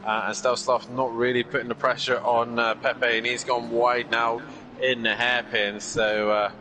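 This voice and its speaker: A man in a middle pitch co-commentates an online race, calm and adding his view of the drivers. Clear background noise runs under his voice. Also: moderate pace. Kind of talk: sim racing commentary.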